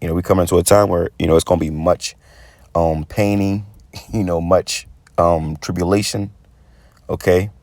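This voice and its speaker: A man giving a casual preaching monologue, rambling and stammering as he repeats words, and reading scripture slowly and deliberately. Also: low voice, steady tone, darkish tone, dry recording. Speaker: street preacher.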